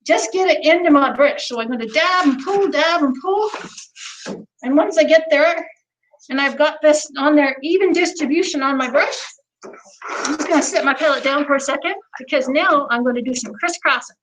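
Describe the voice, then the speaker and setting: High-voiced woman with folksy Southern drawl. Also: moderate pace. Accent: put-on Southern US. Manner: soft, folksy, gently joking. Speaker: painting instructor. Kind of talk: livestream painting lesson in the manner of a TV painter. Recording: noisy livestream audio.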